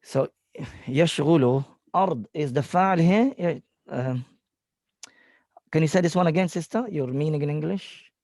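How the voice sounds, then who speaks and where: A man's voice: a little high, normal speed, darkish tone, dry recording, clean studio sound. A man teaching an Arabic class over a video call, patiently going through students' sentences word by word. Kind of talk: online class feedback.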